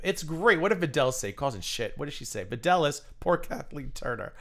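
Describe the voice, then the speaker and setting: A man's voice: a little high, expressive, normal speed, over music. A man hosting a livestream, giving casual drama commentary full of sarcastic, mocking asides. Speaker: livestream host.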